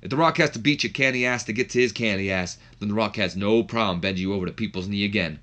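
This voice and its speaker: A man's voice: lowish voice, fast talker, a bit bright, natural voice. A man putting on a cocky male wrestler who mocks his rival and talks about himself in the third person. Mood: taunting. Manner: boastful, mocking, refers to himself in third person. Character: cocky trash-talking male wrestler, brash showman.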